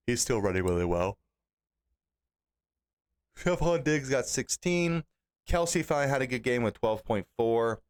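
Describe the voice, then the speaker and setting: A young adult man hosting a podcast alone, recapping fantasy football results in an animated, exasperated way. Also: on the low side, clean tone. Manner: animated, exasperated scolding of team managers. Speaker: podcast host.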